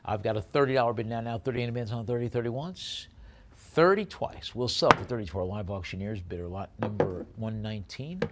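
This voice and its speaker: A lower-voiced man running a live auction. He rattles off bid calls in a rapid chant, then slows down to describe each item. He sounds like an auctioneer at work. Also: fairly bright tone, slight background noise.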